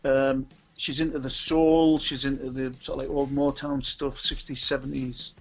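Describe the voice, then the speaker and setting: A man's voice: mid-range voice, level tone, moderate pace, highs cut off. A man with a North East English accent, raised in Scotland, chatting casually as a guest about a charity music event, rambling with many ums and restarts. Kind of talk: casual chat.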